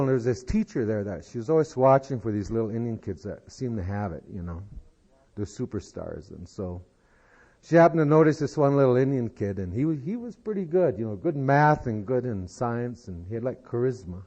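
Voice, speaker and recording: A man telling a long folksy joke as a speaker at a recovery meeting, unhurried and full of "he said". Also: medium pitch, expressive, warm tone. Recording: dull lo-fi 1990s tape.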